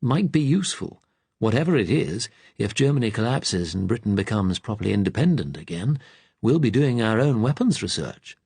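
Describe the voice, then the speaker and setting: A man's voice: fairly low pitch, big pitch swings, moderate pace, gravelly, darkish tone, husky, no echo, pitched above the performer's own voice, exaggerated voice. A man voicing a ruthless upper-class male plotter with a languid drawl. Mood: cool.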